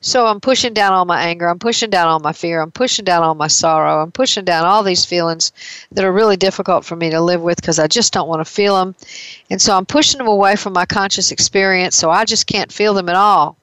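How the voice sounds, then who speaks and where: A woman's voice: lowish voice, brisk, a bit bright, clean tone, dry recording, low-quality recording. A woman therapist giving a conversational talk on emotions, explaining with everyday examples.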